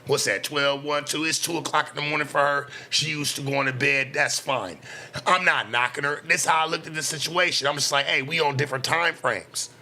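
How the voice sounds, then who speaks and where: West coast guy streaming, ranting hard and cursing, bright edgy voice, bit of hiss behind. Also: fairly high pitch, steady tone. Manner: profane, heated, rapid-fire ranting. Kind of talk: heated reaction-stream commentary.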